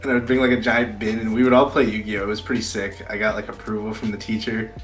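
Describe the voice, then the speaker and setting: A young man co-hosting a podcast, chatting casually and excitedly and swearing freely. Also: fairly low pitch, quick pace, roomy sound, faint music behind, poor audio. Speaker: podcast co-host. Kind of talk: casual chat.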